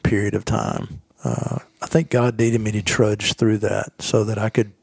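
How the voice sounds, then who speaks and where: A gravelly man in his fifties talks as a podcast guest, earnest and a little rambling, circling back over his own words. His voice is rough and breathy, and it sits close and dry with no room sound. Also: fairly low pitch, flat delivery, a little slow, darkish tone, no room sound. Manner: earnest, rambling, repeats himself. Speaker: podcast guest, golf professional. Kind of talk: casual interview storytelling.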